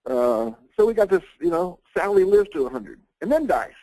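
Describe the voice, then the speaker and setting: A man's voice: high-pitched, very animated, normal speed, warm tone, no echo, poor audio. A man presenting an insurance planning webinar, talking conversationally with frequent fillers and restarts. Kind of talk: informal webinar lecture.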